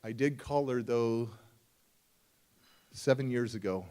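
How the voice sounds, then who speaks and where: A man speaks as a motivational speaker before a live audience, his voice in a middle range. He talks in a casual, confiding way. He swings from loud, emphatic phrases to soft, near-hushed ones. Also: medium pitch, slow pace. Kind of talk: live storytelling talk and audience Q&A.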